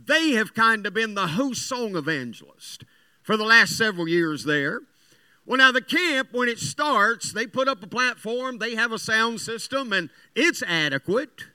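A man preaching with a very high, sharp and bright voice, unhurried in his delivery. He mixes folksy stories with earnest, emphatic points. The sound is dry and close. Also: expressive, smooth, no room sound. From West Virginia. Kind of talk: sermon.

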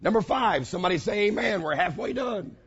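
A man preaching a sermon, building points with repeated phrases and dramatic pauses. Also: sits high, husky, highs cut off. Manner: animated preaching with dramatic pauses and vivid quoted voices. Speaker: pastor.

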